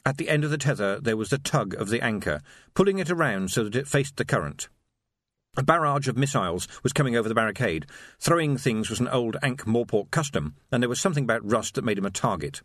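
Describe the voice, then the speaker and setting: A man narrating an audiobook in an expressive, wry storytelling voice. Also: medium pitch, fast talker, no room sound, clean studio sound. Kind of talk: scripted narration.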